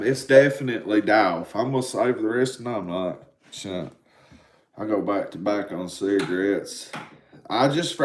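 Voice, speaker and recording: An Appalachian-accented man in his forties rambles through a casual livestream, cursing freely and talking straight to his chat. His voice sits at an ordinary middle pitch. The room around him is roomy and echoing. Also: a little mellow, slight background noise. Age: 40s. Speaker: livestream host. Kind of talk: casual live-stream chat. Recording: roomy echo.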